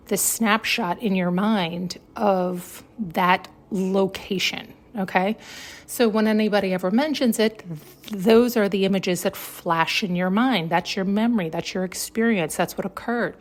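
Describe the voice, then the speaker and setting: A woman hosting a podcast, talking casually and emphatically about self-growth, swearing freely and often asking rhetorical questions. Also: mid-range voice. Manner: blunt and heavy on profanity, with frequent laughs. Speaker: podcast host. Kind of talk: casual spiritual monologue.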